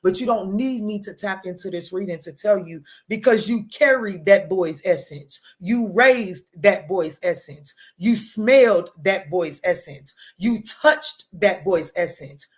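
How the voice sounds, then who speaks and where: A woman giving a live tarot reading, talking straight to her viewers in an animated, emphatic way, using pet names and casual swearing. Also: mid-range voice, a little slow, hardly any pauses. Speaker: tarot reader answering live chat.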